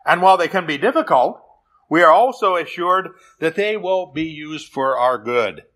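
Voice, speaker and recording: A man preaching a sermon in an earnest, measured way. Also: a little high, animated, fairly bright tone. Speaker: pastor.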